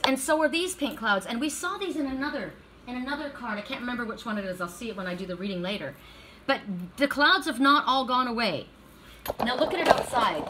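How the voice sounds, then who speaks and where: A middle-aged woman giving a casual, emotional oracle card reading, excitable and tearful, swearing freely. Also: sits high, a little hiss or hum. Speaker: tarot and oracle card reader.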